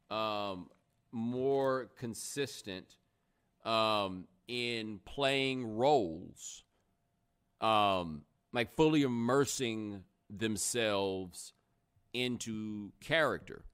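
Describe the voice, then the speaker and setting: A young adult man hosting a live podcast, chatting casually with a sarcastic, animated delivery. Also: very slow, smooth. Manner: animated, sarcastic, rising pitch when joking. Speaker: podcast host. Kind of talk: casual live-stream commentary.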